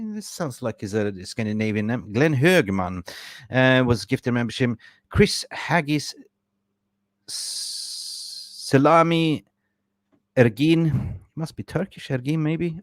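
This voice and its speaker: A man's voice: mid-range voice, dry recording, studio quality. A man hosting a live stream, talking in a casual, effusive and rambling way. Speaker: livestream host.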